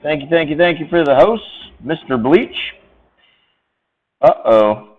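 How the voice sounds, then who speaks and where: Jokey man with a lively voice. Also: a little high, unhurried, husky. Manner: jokey, laughs often, playful banter. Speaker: artist streaming live while painting. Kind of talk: casual chat. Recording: dull, muffled stream audio.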